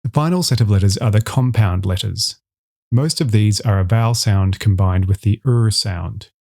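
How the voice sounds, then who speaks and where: Low-voiced man narrating an alphabet lesson. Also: creaky, a little mellow. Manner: slow, careful enunciation of example sounds. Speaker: instructor. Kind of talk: scripted educational narration.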